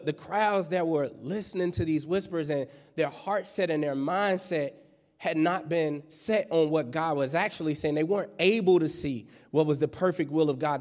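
Pastor guy preaching, kinda high voice, loose and joking, lots of questions, big church echo. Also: a little mellow. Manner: conversational, playful preaching with rhetorical questions. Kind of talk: sermon. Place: church sanctuary. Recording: long church hall reverb.

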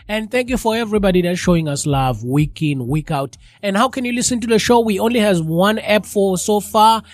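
A man hosting a live radio show, his voice a touch high and sounding stuffy and congested from a cold. He chats casually and speaks straight to his listeners. The sound is dry and close, with no room echo. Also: a little fast. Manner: chatty, addresses listeners directly.

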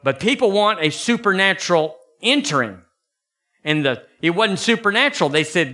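A man preaching a sermon as pastor, folksy and animated, jumping into high bursts for emphasis. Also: moderate pace.

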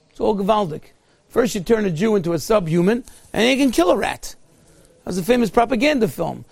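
Rabbi guy giving a sermon, high pitched and kinda gravelly, fervent, drops yiddish words everywhere. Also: no echo. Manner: storytelling, sprinkled with Yiddish and Hebrew words, fervent.

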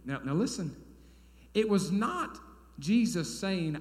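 A man, preaching a sermon as a pastor in folksy storytelling style, dropping to quiet asides and rising to loud, emphatic bursts. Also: high-pitched, lively intonation, slow pace. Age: 30s. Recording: echoey hall.

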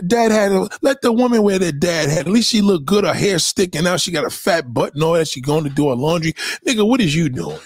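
A man on a casual livestream tears into topics with blunt, mocking energy. His voice sits a little higher than most men's. The sound is dry and close, with no room echo. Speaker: livestream host reading chat. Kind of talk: casual profane rant.

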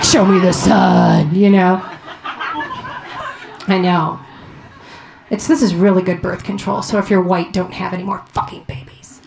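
A woman in her thirties from Ohio doing a profane, animated stand-up comedy set. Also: medium pitch, reverberant, background noise. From Ohio, USA.

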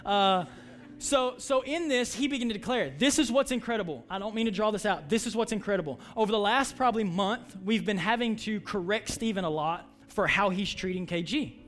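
A man's voice: sits high, a little fast, fairly bright tone, soft background music. A middle-aged male pastor preaching, moving from prayer into a conversational story told with frequent restarts. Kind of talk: sermon.

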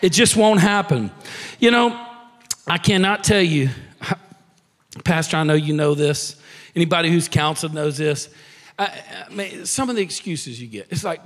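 A man preaching a sermon as pastor, dropping to soft near-whispers and building to shouted emphasis. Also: fairly high pitch, lively intonation, normal speed, pauses often. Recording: long hall reverb.

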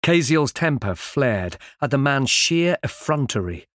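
A male audiobook narrator with a mid-range voice, reading fantasy prose in a measured, even, well-enunciated delivery. The sound is close-miked and very dry, with no trace of room. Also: medium pitch, dry recording. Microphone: close studio mic.

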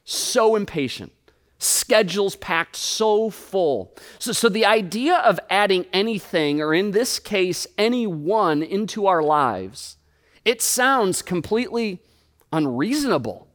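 A man, a pastor, preaching a sermon and telling a personal story in an animated way with humorous asides. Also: high voice, slow pace. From United States.

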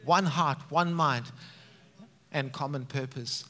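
A man preaching a sermon, animated and emphatic, with frequent rises for emphasis. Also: medium pitch, slow. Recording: reverberant hall sound.

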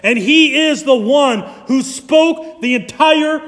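A man preaching a sermon as pastor, animated and emphatic. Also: very high-pitched, slow, in a large hall.

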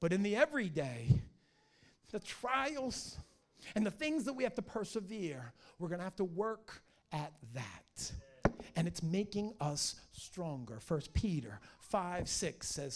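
Middle-aged male pastor, high voice, energetic, jokey sermon delivery. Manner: energetic, joking and animated storytelling.

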